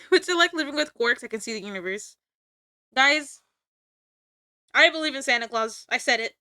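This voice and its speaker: A woman's voice: high voice, lively intonation, normal speed, bright, forceful tone, dry recording, studio quality. A young woman streaming from home, chatting casually with her chat, play-acting anger and laughing often. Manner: playful mock-angry banter with frequent laughs.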